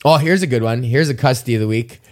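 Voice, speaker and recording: A man's voice: medium pitch, fast talker. A man hosting his own podcast alone, ranting and rambling with lots of profanity and self-deprecating asides. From Canada. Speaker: podcast host. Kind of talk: rambling solo podcast rant.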